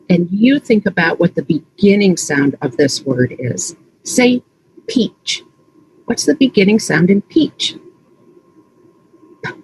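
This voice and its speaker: A woman literacy coach leading an early-reading lesson, saying words slowly and stretching out their sounds. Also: on the low side, slight background noise, low-quality recording. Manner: slow, deliberate, exaggerated word sounds. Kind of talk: slow instructional teaching, modeling sounds.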